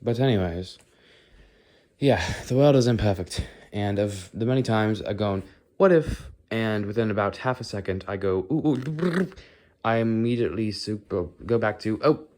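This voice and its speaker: A man's voice: fairly low pitch, fairly even intonation, normal speed, a little mellow. A teenage boy in a casual walk-and-talk vlog, rambling and thinking aloud as he walks, often breaking off mid-thought. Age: teens. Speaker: vlogger. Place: walking, talking on the move.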